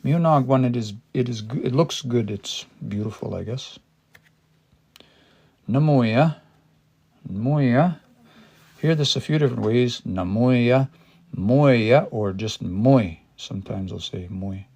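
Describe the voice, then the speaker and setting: A man's voice: mid-range voice, slow, pauses often, a little mellow. A man teaching Cree on a casual livestream, thinking aloud with fillers and restarts and sounding out words syllable by syllable. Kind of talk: casual livestream language lesson.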